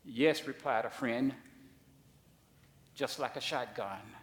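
A man's voice: takes it slowly, a little hiss or hum. Preaching man in an echoey hall. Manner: preaching with big swings in loudness and pitch. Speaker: pastor. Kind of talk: sermon. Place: church sanctuary.

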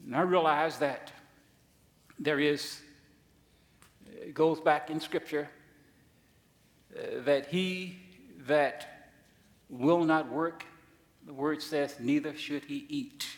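A man pastor preaching a sermon, swinging from soft asides to loud, high-pitched emphasis. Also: slow pace, pauses often. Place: church sanctuary. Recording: echoey church hall.

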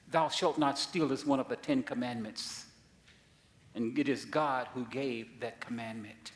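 A man pastor preaching a sermon, swinging from soft asides to loud, high-pitched emphasis. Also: unhurried. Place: church sanctuary. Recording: echoey church hall.

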